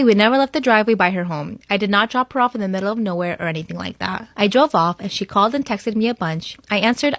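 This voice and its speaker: A woman reading online stories aloud in a fast, even storytelling voice. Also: mid-range voice, no echo.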